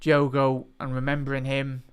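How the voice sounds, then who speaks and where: A man hosting a live football watch-along, chatting to viewers and shouting out at goals. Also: medium pitch, monotone, normal speed, clean tone. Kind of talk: live match reaction and chat.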